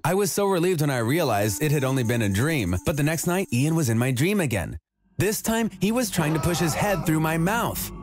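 A man telling a scripted first-person story in an even, measured way. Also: fairly high pitch, over music. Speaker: narrator.

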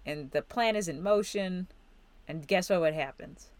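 A woman's voice: fairly low pitch, moderate pace, a little mellow, dry recording. A woman from Illinois co-hosting a podcast, recapping a TV episode in casual chat, rambling and giggly with lots of fillers. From Illinois, USA. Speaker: podcast co-host.

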